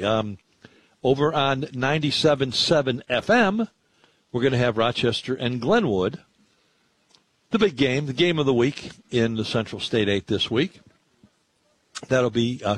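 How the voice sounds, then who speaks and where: A man's voice: mid-range voice, husky, no echo. A man hosting sports radio, chatting in a friendly, rambling way about the local games. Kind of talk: casual sports radio talk.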